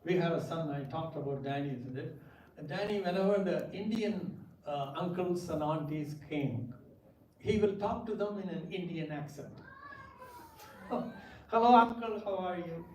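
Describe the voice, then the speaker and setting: A pastor with a Tamil English accent speaks at a seminar, emphatic and repeating his words to drive a point home. His voice is mellow and fairly high for a man. He sounds distant from the mic in an echoey hall with a faint hum of ambience. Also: moderate pace. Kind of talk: parenting seminar talk.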